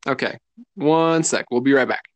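A man's voice: medium pitch, moderate pace, no echo. A man co-hosting a podcast in easygoing casual chat, often laughing along. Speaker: podcast co-host.

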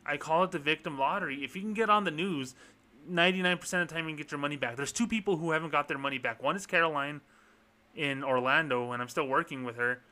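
Man, podcast host, sarcastic rant, profane, bright tense tone. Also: fairly high pitch, quick pace. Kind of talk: casual ranting podcast.

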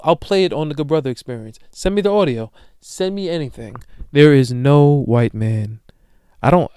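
Brief: young male podcast host, smooth clear voice, dry close sound, profane joking slang rant. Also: no echo. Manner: swings between loud bursts and low mutters. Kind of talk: solo podcast monologue.

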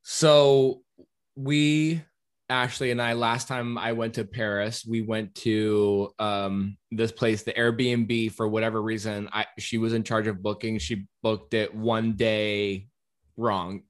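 A man's voice: on the low side, little pitch movement, slow. A man co-hosting a casual chat show from his apartment, telling stories in a rambling way with lots of ums and casual swearing. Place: apartment in New York.

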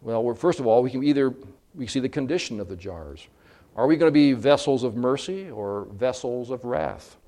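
A man's voice: medium pitch, lively intonation, normal speed, warm tone. A man preaching a sermon in an earnest way, with some fillers and restarts. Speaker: pastor.

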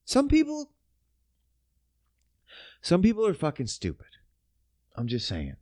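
A man hosting a podcast, ranting casually with lots of swearing and mocking, his voice jumping up and down in pitch. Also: a little slow, long pauses, no room sound, clean studio sound. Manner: profane, animated, mocking ranting with sudden pitch jumps. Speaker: podcast host.

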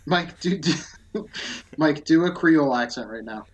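Giggly, excitable man. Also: a little high, unhurried, lo-fi sound. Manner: laughs a lot, excitable. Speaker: podcast co-host. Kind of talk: casual podcast chat.

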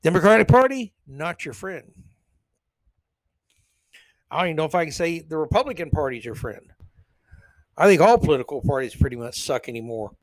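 A man hosting a solo commentary podcast in a sarcastic, blunt, rambling way. His voice sits fairly high for a man. The recording is dry, with no room sound. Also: dry recording. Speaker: podcast host.

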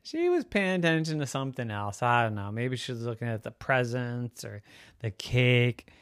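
A storyteller narrating a children's story with a gentle, expressive delivery. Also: medium pitch, normal speed, clear, resonant tone, no room sound, studio quality.

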